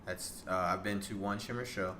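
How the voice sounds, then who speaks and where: A young man in a casual interview, an animated storyteller who acts out what other people said. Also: low voice, moderate pace, reverberant, a little hiss or hum. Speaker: podcast guest, wrestling photographer.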